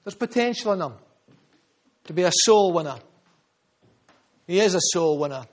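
A Scottish man preaching a sermon as pastor to his congregation, driving points home with repetition and dropping to quiet asides. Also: high voice, animated, moderate pace.

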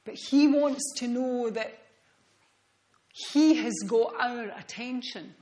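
A woman delivers a sermon at an unhurried pace. Her voice sits a little high, and her earnest, reflective delivery often sinks into soft, hushed tones. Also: poor audio. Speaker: preacher.

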